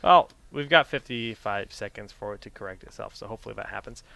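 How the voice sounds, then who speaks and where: A man's voice: lowish voice, fast, creaky, no room sound. A young man casting an esports match and joking with his co-caster on a headset mic. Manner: animated, joking. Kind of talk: casual esports commentary.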